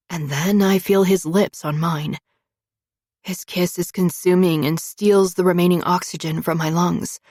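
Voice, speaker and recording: A woman with a low, husky voice reads a first-person romance audiobook. Her delivery is intimate and confessional. The close-miked recording is completely dry, with no room around it. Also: a little mellow, no room sound. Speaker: audiobook narrator.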